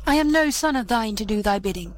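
A woman's voice: a little high, expressive, fast talker, natural voice, poor audio. A woman voicing a proud and cruel young boy in a storybook reading, haughty and scornful.

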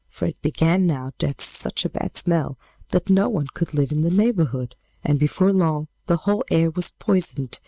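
Low-voiced woman reading a fairy tale. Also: gravelly, mellow, no echo. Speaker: storyteller. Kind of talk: fairy tale read aloud.

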